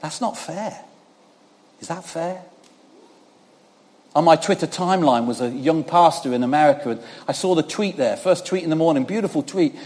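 Animated high-voiced man preaching. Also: normal speed, pauses often. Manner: conversational, with frequent tag questions to the congregation; animated, swinging from loud emphasis to quiet. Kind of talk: sermon. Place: church service.

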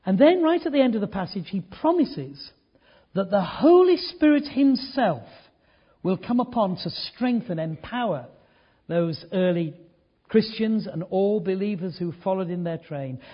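An older man preaching a sermon, telling a story earnestly, dropping to hushed tones and rising to emphatic points. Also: high-pitched, expressive, a little slow, husky, muffled recording.

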